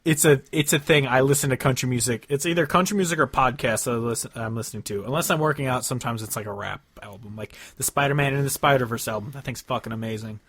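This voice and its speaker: A man co-hosting a casual music podcast, rambling and excitable, swearing freely. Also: medium pitch, quick pace, few pauses, slightly rough. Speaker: podcast co-host. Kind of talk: casual chat.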